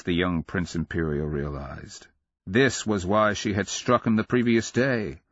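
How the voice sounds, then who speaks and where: A man narrating a fantasy audiobook in a steady, measured storytelling manner. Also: medium pitch, no room sound, muffled recording.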